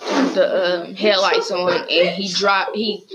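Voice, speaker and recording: A woman's voice: fairly low pitch, little pitch movement, takes it slowly, heavy background noise. A woman casually retelling a story as a student podcast host, rambling with lots of fillers and restarts.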